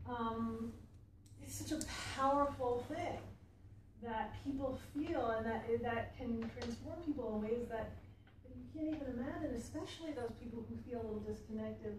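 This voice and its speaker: High-voiced woman coach in an echoey room. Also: a little mellow. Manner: conversational, earnest, many fillers and asides. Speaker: life coach and speaker. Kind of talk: motivational talk to a small audience. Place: library event room. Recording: echoey room recorded from far off, faint background hum.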